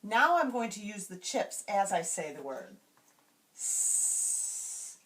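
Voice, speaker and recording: A woman explaining classroom reading routines to teachers, slowly and carefully, and modeling each word sound by sound. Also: mid-range voice, very animated, a bit bright. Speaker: teacher trainer.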